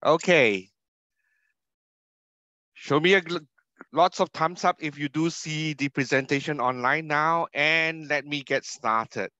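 A man's voice: a little high, slow pace, long pauses, bright, forceful tone, no echo. Singaporean man giving an emphatic online lecture. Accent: Singaporean English. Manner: emphatic, stresses key words, rhetorical questions. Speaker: keynote speaker, university academic. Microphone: video call computer mic. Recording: dull, dry video call audio.

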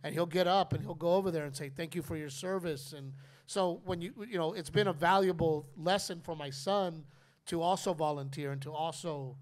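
A middle-aged man hosting a live podcast, telling stories in an animated, profane way. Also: on the high side, brisk. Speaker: comedian podcast host. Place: live audience at a distillery.

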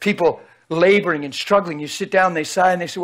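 A man's voice: high voice, a little fast, few pauses, a bit bright. A man preaching a sermon in an emphatic, folksy way, repeatedly calling out to his audience.

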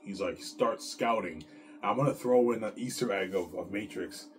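A man with a very deep voice chats casually to his audience. He rambles with excitement, often stumbling and repeating words. Clear music plays underneath. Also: fairly quick. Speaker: vlogger. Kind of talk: casual chat.

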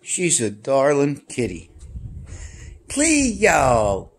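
At home by a screened-in porch, a man films his cat with a handheld camera, cooing baby talk before rambling into a story. His medium-pitched voice is creaky and breathy, extremely slow, with huge pitch swings.

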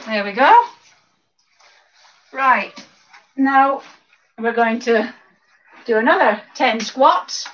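A woman in her sixties coaches an exercise class from her home, counting each rep aloud and chatting between moves. Her voice sits a little high and sounds bright and forceful. The recording is slightly dull and lo-fi. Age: 60s. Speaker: fitness instructor.

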